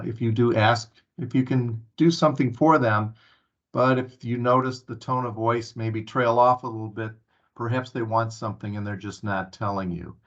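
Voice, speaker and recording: A man's voice: mid-range voice, fairly bright tone. A man giving a staff training presentation at a town hall meeting, earnest and full of filler sounds and restarts. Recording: muffled lo-fi recording.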